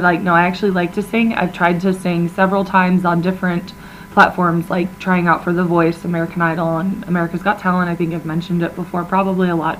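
A young woman co-hosting a podcast in rambling casual chat, her voice slightly hoarse and froggy. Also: lowish voice, a little hiss or hum, rough recording. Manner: rambling, chatty, laughs often. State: slightly hoarse, froggy from talking loudly at a bar. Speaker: podcast co-host.

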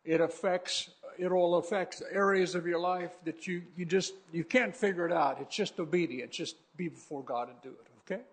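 A man's voice: high voice, moderate pace, hardly any pauses. A man who is a pastor, preaching a fervent sermon that repeats itself and often restarts.

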